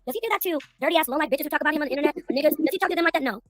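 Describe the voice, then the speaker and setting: A woman arguing heatedly on a livestream, talking fast, cursing and cutting in over the others. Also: high-pitched, fairly bright tone. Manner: rapid, profane, indignant, talks over others. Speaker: livestream panel guest.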